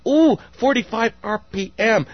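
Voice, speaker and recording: A man's voice: high-pitched, measured pace, no room sound, lo-fi sound. A man hosting a radio show in casual chat, playful and teasing his co-host.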